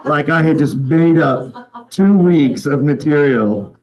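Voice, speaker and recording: A man's voice: on the high side, takes it slowly, rough recording. Chatty man leading a group workshop. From United States. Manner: relaxed and chatty, with many ums and okays. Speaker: workshop leader. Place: room with a group of people.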